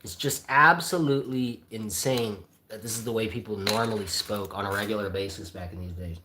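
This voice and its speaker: A man reading a classic novel aloud on a livestream at home, with casual asides and frequent throat-clearing. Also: on the low side, a little fast, sharp tone, a little hiss or hum. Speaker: channel host, reader. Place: home by a Christmas tree. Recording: roomy echo.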